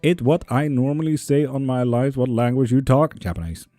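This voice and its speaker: A man's voice: medium pitch, normal speed, warm tone, no room sound, studio quality, faint music behind. A man hosting a live tarot stream, chatting casually with viewers and reading their comments. He talks in a joking, rambling way and swears freely.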